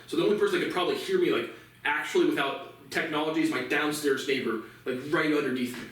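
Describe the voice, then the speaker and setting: A man's voice: a little high, fast, fairly bright tone. Agitated man ranting, echoey and distant. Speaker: vlogger. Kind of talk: rambling solo monologue. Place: outdoor porch. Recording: echoey and distant with faint noise.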